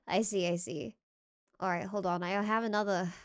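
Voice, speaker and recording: A woman's voice: medium pitch, steady tone, moderate pace. A woman streamer chatting casually and reacting to a video with giggly interjections.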